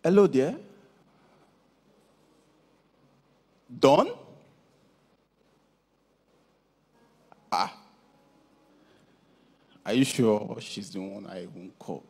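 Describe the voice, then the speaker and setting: An actor playing a heartbroken young man, who complains loudly and keeps repeating himself. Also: medium pitch, breathy edge, big-room sound, heavily acted. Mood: anxious. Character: heartbroken young man, dumped, blustering and indignant.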